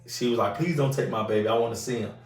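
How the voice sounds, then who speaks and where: A man's voice: mid-range voice, fast talker. A man, the podcast host, telling a long story in casual chat, acting out other people's voices and swearing a lot. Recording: roomy sound from a distant mic.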